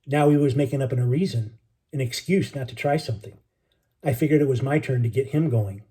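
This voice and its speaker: Man narrator for a book reading, steady delivery, husky and mellow tone. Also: mid-range voice, a little fast. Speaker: audiobook narrator. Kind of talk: first-person storybook reading.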